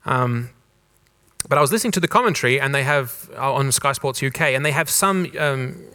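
A pastor from Australia preaching a conversational sermon, with a mild Australian accent softened toward neutral English, repeating rhetorical questions and restarting phrases. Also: male voice, medium pitch, animated, a little fast. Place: church in Germany.

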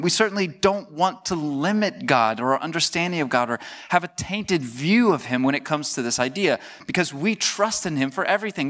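A man preaching a sermon in a conversational way, mixing joking asides with slow, emphatic key phrases. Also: on the high side, a bit bright. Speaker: pastor.

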